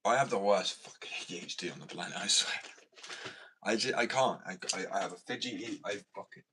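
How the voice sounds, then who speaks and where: A man's voice: deep voice, brisk, fairly bright tone. Rambling, sweary man in a workshop. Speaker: skateboard maker. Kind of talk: casual vlog chat. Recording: distant mic, faint background noise.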